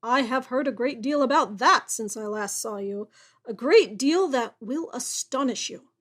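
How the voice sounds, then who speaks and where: A woman reads aloud as a grave old soldier, gruff and haunted, his lines given in a high, bright register in a plain storybook reading. He is steady and unhurried, with little put-on voice. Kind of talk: audiobook reading.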